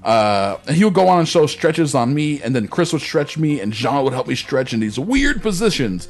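A man hosting a podcast, telling a story in a casual, animated way with plenty of swearing. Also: fairly high pitch, normal speed. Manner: animated, profane anecdote telling. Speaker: podcast host.

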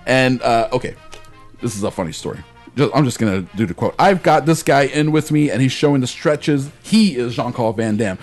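A man hosting a podcast, telling a story in a casual, animated way with plenty of swearing. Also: medium pitch, fairly quick, soft background music. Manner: animated, profane anecdote telling. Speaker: podcast host.

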